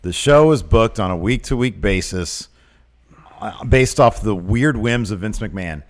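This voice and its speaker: Man, podcast co-host, lively swooping pitch, worked up, exasperated. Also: measured pace. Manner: animated, gets worked up and exasperated. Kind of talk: casual wrestling podcast chat.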